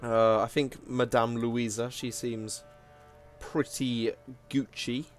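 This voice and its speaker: A man's voice: mid-range voice, flat delivery, takes it slowly, faint music behind. A man giving casual, self-mocking commentary while playing a card game, often laughing at himself. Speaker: gaming video host.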